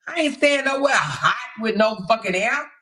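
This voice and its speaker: A woman's voice: on the high side, animated, moderate pace, bright, forceful tone. A woman hosting a livestream, commenting on clips in a teasing, profane way with frequent laughter. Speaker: host.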